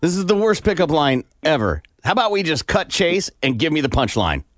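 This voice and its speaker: A man hosting a call-in radio show, greeting callers, joking and briskly moving them along. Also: a little high, very animated, fairly bright tone, no echo.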